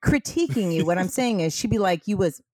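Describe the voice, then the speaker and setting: A woman's voice: medium pitch, animated, brisk, darkish tone, no room sound. Giggly young woman podcast co-host. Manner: giggly, defensive banter. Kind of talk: casual chat.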